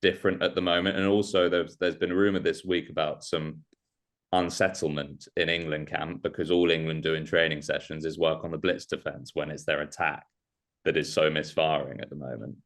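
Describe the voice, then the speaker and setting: A man's voice: very deep voice, steady tone, a little fast. A man on a rugby podcast panel raising a point in a plain, matter-of-fact way. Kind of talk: podcast discussion.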